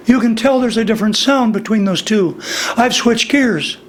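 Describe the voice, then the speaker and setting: An older man teaching singing in a slow, deliberate interview manner, his voice slightly worn. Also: high-pitched, a little hiss or hum. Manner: demonstrates vocal registers, slow and deliberate. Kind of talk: instructional interview.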